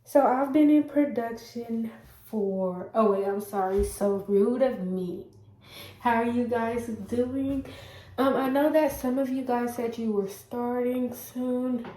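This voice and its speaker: Woman vlogger, blocked-up nasal sound, warm low-key tone, loose chatty delivery full of restarts, roomy recording. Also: slow pace. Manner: rambling, many fillers and self-corrections; does her hair while talking. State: stuffy, congested. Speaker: vlogger giving work-from-home job advice. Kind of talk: casual chat to camera. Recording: echoey room.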